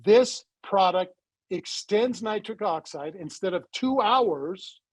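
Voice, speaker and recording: A man with a high, husky voice talks as a guest on an interview, recorded close in a dry, dead space. He tells his story in a lively way and acts out the conversations as he goes. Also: slow, no echo, rough recording. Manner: animated storyteller who acts out quoted dialogue. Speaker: interview guest, supplement company founder.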